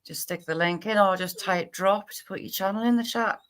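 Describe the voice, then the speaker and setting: A woman with a Cumbrian accent hosting a casual livestream chat, talking quickly and laughing often. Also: medium pitch, a bit bright. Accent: Cumbrian English. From Cumbria, England. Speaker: livestream host.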